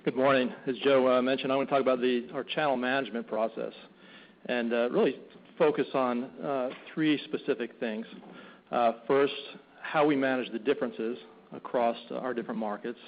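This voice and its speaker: A man opening a corporate presentation to investors, measured and using fillers. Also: medium pitch, fairly even intonation. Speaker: company executive presenting to investors. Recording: dull muffled audio with faint noise.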